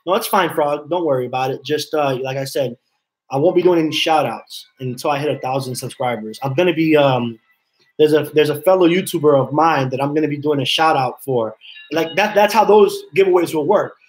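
A man chatting casually on a live stream from his home office. His voice sits a little higher than usual for a man. He rambles, repeats himself and reads chat messages aloud. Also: a little fast, rough recording. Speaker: livestream host.

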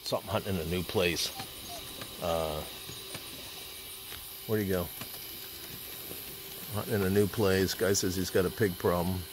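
A man's voice: deep voice, fairly even intonation, unhurried, pauses often, background noise. Rambling, profane man outdoors at night. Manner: rambling, profane, talks to the animal and his dog. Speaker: hunting vlogger. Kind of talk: casual rambling commentary. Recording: loud night insects outdoors.

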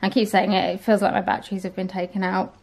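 A woman's voice: mid-range voice, flat delivery, fast talker, vocal fry. A young woman vlogging in a casual chat, tired and sluggish, rambling with lots of ums and likes.

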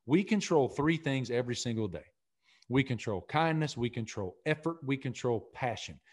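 A middle-aged man with a Southern accent, a guest in a podcast interview, talking in an earnest, energetic way and often repeating himself. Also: medium pitch. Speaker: podcast guest, sports broadcaster. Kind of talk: casual interview talk.

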